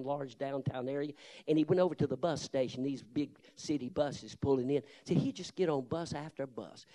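A man preaching a sermon, telling stories with punch and calling out amens. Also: fairly high pitch. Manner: lively, punchy storytelling with shouted amens. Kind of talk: sermon with storytelling.

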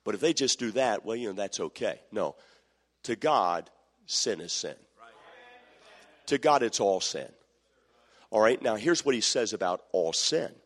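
A man's voice: lowish voice, expressive, unhurried, long pauses. Preacher man in a reverberant hall. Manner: calls for answers from the congregation, acts out quoted voices. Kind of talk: sermon.

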